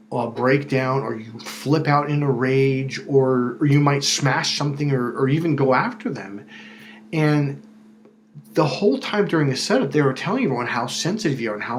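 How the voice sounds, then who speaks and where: Man talking casually over faint noise. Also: medium pitch. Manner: conversational, repeats words, acts out quoted voices. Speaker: self-help coach. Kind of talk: casual spoken advice monologue.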